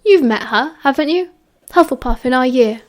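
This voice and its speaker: A woman's voice: high voice, animated, moderate pace. A woman with a British accent voicing a cheerful, teasing teenage schoolboy wizard who talks in a breezy, chatty way. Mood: cheery teasing.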